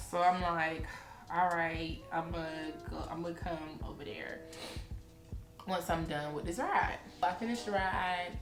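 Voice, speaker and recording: A woman's voice: lowish voice, a little slow, echoey room, music in the background. A young woman, casually telling a storytime and acting out both sides of the talk. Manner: animated retelling, acts out both sides of the talk. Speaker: vlogger.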